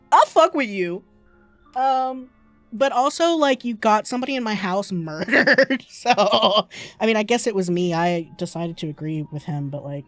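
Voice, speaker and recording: Excitable, swearing woman streamer. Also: a little high. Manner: excitable, jokey, swears freely. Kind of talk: casual gaming commentary.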